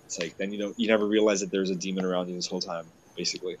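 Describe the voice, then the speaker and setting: A man talking in a halting, confessional way, emotional and tearful. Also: low-pitched, flat delivery, a little hiss or hum, rough recording. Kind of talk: casual conversation.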